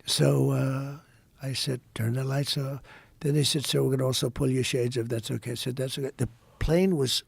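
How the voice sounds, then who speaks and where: An older man from the United States, a podcast guest, telling a rambling, repetitive story and acting out quoted dialogue in a hushed voice. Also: mid-range voice, fairly even intonation, moderate pace, gravelly, breathy edge, no echo. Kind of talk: casual storytelling in an interview.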